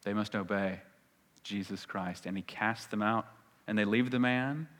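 Preaching man in a reverberant hall. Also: unhurried. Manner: dramatic swings between loud emphasis and hushed low phrases. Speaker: pastor. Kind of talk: sermon.

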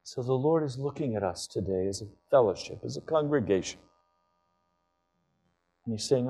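A male pastor with a warm, mid-range, expressive voice preaches to his congregation at a normal pace, pausing often. His impassioned sermon builds to fervent declarations.

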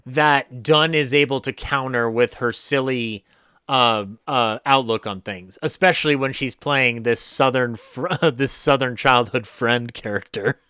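A man's voice: mid-range voice, sharp tone, smooth, dry recording, clean studio sound. A man co-hosting a casual podcast chat, who laughs often and restarts his sentences. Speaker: podcast co-host.

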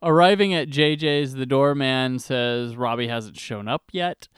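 A man's voice: medium pitch, measured pace, smooth, no echo, studio quality. A man casually recapping a film's plot as a podcast co-host, with wry asides. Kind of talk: casual movie recap chat.

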